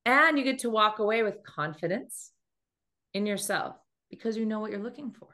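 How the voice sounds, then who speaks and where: Woman, dating coach, motivational talk, expressive storyteller who acts out quotes. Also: mid-range voice, moderate pace.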